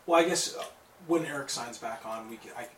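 A man running a tabletop horror game as game master, laughing easily and going low and hushed for the scary parts. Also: brisk. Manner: laughs easily, drops to a low hush when narrating horror. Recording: echoey call audio from far off, noisy.

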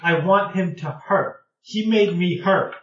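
A vengeful bird creature of little wit speaks in short, blunt, childish demands, as a man voices it. The voice sits a touch high and moves slowly. The tabletop game recording is dull and lo-fi, with a roomy echo. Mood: resentful. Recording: echoey room, dull lo-fi sound.

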